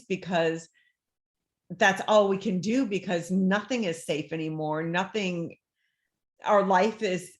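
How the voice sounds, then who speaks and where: A woman, a life coach talking as an interview guest and acting out the voices she quotes. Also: medium pitch. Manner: animated, acts out quoted voices. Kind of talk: conversational interview.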